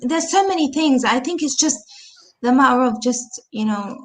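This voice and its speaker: A woman's voice: high voice, normal speed, slight background noise. A British woman telling her personal story as an interview guest, hesitant with many restarts, livening up when she quotes people. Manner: hesitant, many restarts and "you know", animated when quoting others.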